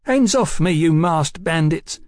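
A man voicing a brash thirteen-year-old London street boy who leads a gang, with a London accent and a shrill, shouting delivery. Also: animated, a little slow, no echo, clean studio sound. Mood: defiant.

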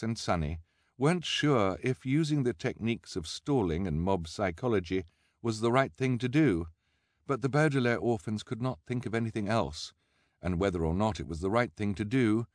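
A man narrating an audiobook with a wry, measured storytelling manner. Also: on the low side, expressive, no room sound, clean studio sound. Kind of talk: scripted narration.

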